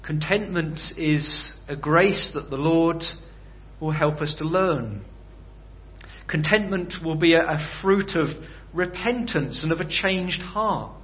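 A man's voice: fairly high pitch, slow pace, muffled recording. A man preaching a sermon in a conversational way, often putting rhetorical questions to his listeners.

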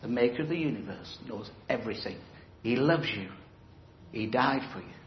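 A man's voice: medium pitch, animated, moderate pace, slight background noise. A middle-aged man preaching an evangelistic sermon in a church hall, speaking emphatically and conversationally and putting questions to his listeners. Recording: roomy, slightly dull hall recording.

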